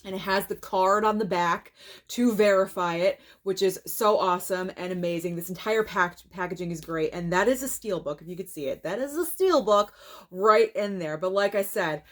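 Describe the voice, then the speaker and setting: A woman's voice: mid-range voice, moderate pace, fairly bright tone. A woman hosting a casual show-and-tell vlog, talking with gushing enthusiasm and tripping over her words now and then. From United States. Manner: enthusiastic and gushing, with frequent stumbles. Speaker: collector vlogger.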